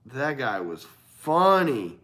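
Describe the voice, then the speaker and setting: A man's voice: medium pitch, very animated, takes it slowly, a bit bright, soft background music. A man hosting a casual livestream, rambling through stories with frequent laughs, reading chat and acting out both sides of conversations. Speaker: livestream host.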